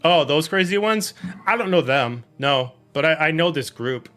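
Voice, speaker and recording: A man's voice: fairly high pitch, animated, moderate pace, a bit bright, soft background music, pitched above the performer's own voice. A man doing a brash, swearing woman druid. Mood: brusque. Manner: blunt, swearing, rambling. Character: brash casual woman druid, bird owner.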